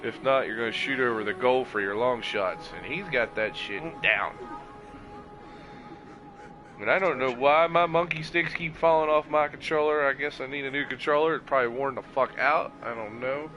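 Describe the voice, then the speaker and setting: A man chatting casually while gaming, swearing often and telling animated stories. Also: medium pitch, moderate pace, music in the background. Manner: profane, animated storytelling.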